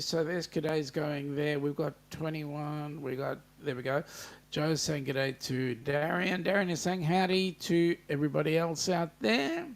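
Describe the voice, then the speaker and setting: Australian man hosting a casual livestream, slow and unhurried, voice on the higher side. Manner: reads viewer comments aloud, greets chatters by name. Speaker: livestream host.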